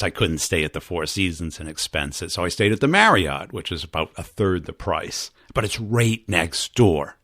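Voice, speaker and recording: Male podcast host, low voice, animated storyteller who acts out quotes, dry close recording. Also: no room sound. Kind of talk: podcast storytelling and sales pitch.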